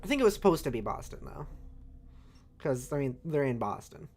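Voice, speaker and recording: A woman's voice: low-pitched, very animated, fairly quick, a little mellow, slight background noise. A woman from New England chatting casually while playing a game on stream, talking in a rambling way full of fillers. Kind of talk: casual let's-play chat.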